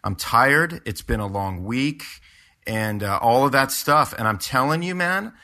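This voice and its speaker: In casual chat, a pastor and podcast co-host tells a rambling story, peppered with fillers and restarts. His voice is mid-range and sharp-toned, animated yet unhurried.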